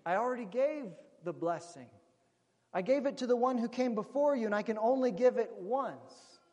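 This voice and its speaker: A man's voice: very high-pitched, animated, normal speed, dark tone. A man voicing a very old, nearly blind father giving a blessing, in a hall with a long reverb. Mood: puzzled.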